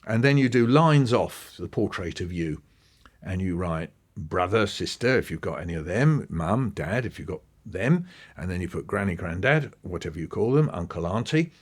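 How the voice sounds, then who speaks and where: A man being interviewed about education, talking in a relaxed, conversational way. He tells lively anecdotes, thinks aloud with restarts and asides, and briefly acts out the voices of the people he quotes. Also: deep voice, normal speed. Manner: animated storytelling, acting out quoted voices. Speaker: guest speaking on education.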